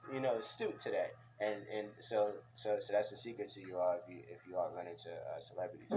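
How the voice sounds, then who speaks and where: Brief: young man, casual storyteller, swears freely, music clearly playing under him. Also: poor audio. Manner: loose, profane, acts out quotes in a loud high voice. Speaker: guest storyteller.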